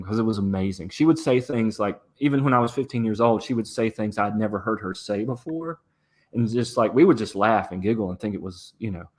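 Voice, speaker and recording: A man on a livestream panel, telling unhurried stories and savoring old dialect words. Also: lowish voice. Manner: storytelling, relaxed, relishes folksy dialect words. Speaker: game writer on a livestream panel. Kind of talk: casual livestream chat.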